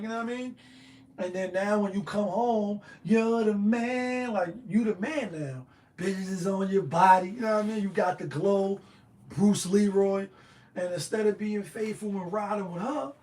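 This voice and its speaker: A man's voice: high-pitched, darkish tone, rough recording. A man hosting a casual commentary monologue, talking loosely in street slang and often asking "you know what I mean?". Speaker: commentary host.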